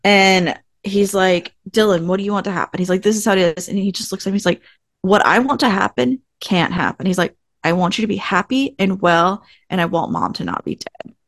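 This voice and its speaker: Brisk and mid-pitched, this podcast co-host retells TV episode scenes in a relaxed recap chat, voicing the characters' dialogue herself. The studio recording is clean with no echo.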